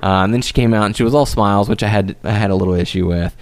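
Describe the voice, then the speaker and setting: A man with a gravelly edge to his voice chats about wrestling in an easy, animated way, mixing in profanity and acting out the lines he quotes. The sound is close and dry. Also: on the low side, very fast, no echo. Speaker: podcast co-host. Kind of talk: casual wrestling chat.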